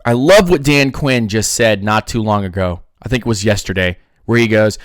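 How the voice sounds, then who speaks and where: A man's voice: fairly low pitch, normal speed, few pauses, no room sound, clean studio sound. A man hosting a casual sports talk show, ranting with lots of restarts. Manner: animated ranting, frequent restarts. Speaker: podcast host.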